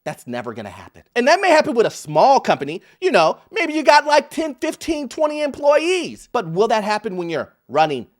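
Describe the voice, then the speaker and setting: Emphatic man with lively swings. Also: very high-pitched, a little fast, hardly any pauses. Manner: emphatic, mocking, acts out quotes. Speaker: host. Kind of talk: commentary on clips.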